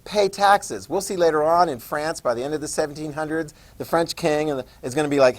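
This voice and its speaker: A man's voice: fairly high pitch, fast, few pauses, rough recording. A man teaching a history class in a joking lecture style, quizzing students and acting out quotes.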